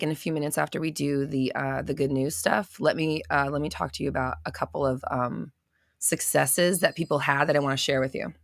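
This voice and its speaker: A young woman talks loosely and excitedly to her live-stream viewers and drops the odd swear word. Her tone is bright and forceful, and the sound is close and dry. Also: low voice, no echo. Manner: chatty, swears, reads viewer comments aloud. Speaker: host of a live manifestation coaching stream. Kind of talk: casual live-stream talk.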